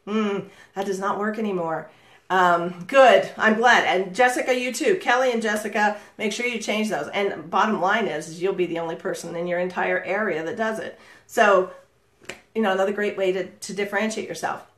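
Energetic middle-aged woman coach, roomy sound. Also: medium pitch, moderate pace. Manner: lively inflection, energetic, laughs often. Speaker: real estate marketing coach. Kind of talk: live coaching session. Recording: roomy echo.

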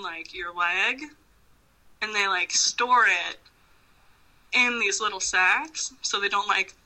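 A woman's voice: mid-range voice, pushed and bright, rough recording. A woman guest chatting casually on a podcast, swearing often and breaking into laughs as she rambles. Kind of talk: casual phone chat.

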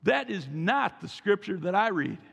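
High-voiced preaching man, gravelly, echoing hall. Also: sing-song, moderate pace, a bit bright. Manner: emphatic preaching with call-and-response to the congregation. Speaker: pastor. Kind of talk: sermon. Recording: long reverb from a large hall.

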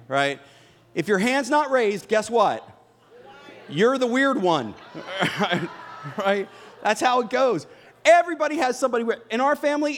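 Man, middle-aged, pastor, animated sermon, high voice, live church crowd. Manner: animated, jokes with the congregation. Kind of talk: sermon with humorous stories. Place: church before a live audience.

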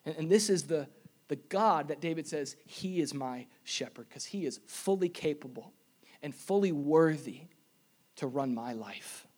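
A man preaching a sermon to a congregation in a church, moving between quiet intimate asides and loud emphatic appeals. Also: fairly high pitch, measured pace. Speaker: pastor. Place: church sanctuary before a congregation.

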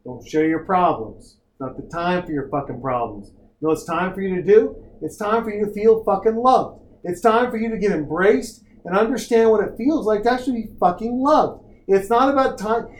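A man riffing on a movie with a loud, profane, ranting mock pep talk. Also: sits high, normal speed, hardly any pauses, reverberant. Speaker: movie commentary co-host.

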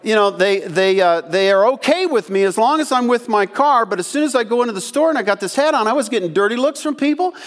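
A man's voice: high-pitched, expressive, quick pace, few pauses. An older man preaching a sermon, telling folksy stories with asides to the congregation and acting out the voices of people in his story. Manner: acts out quoted voices in the story. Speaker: pastor.

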